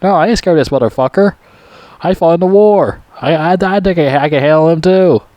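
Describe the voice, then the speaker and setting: A man mimicking a middle-aged male small-town sheriff, with a whiny, stammering voice pitched up from his own. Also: brisk, no room sound, lightly acted. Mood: cocky.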